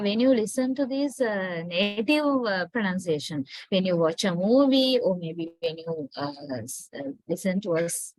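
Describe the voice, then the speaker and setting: A Sri Lankan woman with a Sri Lankan English accent gives a patient lecture to her students. Her voice sits slightly high and sounds close and dry, with no room around it. She explains step by step and keeps checking in with "right?". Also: a little mellow, dry recording, low-quality recording. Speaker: university lecturer. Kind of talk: classroom lecture.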